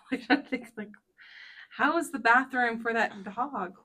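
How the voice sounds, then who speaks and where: A woman's voice: a little high, measured pace, pushed and bright. A woman co-hosting a podcast in casual chat, mostly chiming in with short reactions and teasing questions. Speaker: podcast co-host.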